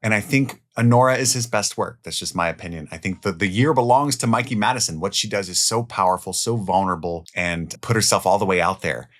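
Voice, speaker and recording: A man hosting a film countdown, talking casually and with enthusiasm, swearing now and then, and moving between loud highs and quiet asides. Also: brisk, few pauses. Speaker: film reviewer. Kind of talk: casual spoken movie countdown.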